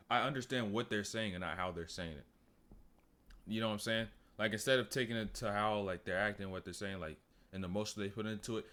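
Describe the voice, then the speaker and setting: A fairly low-pitched man with talks loosely over a clip on his stream. His delivery is relaxed and rambling, and he often stops to talk to his chat. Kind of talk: casual stream commentary.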